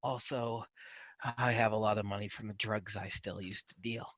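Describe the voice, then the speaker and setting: A man voicing a foul-mouthed, defiant criminal being interrogated, yelling insults. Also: steady tone, normal speed, no room sound, poor audio. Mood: boastful. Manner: snarling, swearing, pitch leaps up when yelling.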